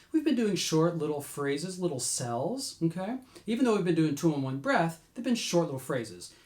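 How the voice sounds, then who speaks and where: A man teaching singing warm-ups, explaining patiently between sung demonstrations. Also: reverberant. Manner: explains patiently, breaks into high sung demos. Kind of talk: vocal lesson with sung demonstrations.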